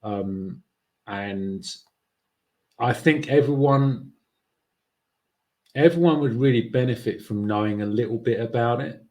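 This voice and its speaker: A man's voice: medium pitch, a little slow, pauses often, darkish tone. A man hosting a podcast, talking casually and thinking aloud, with frequent fillers and restarts. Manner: musing, with many fillers and restarts. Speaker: podcast host. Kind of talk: casual monologue.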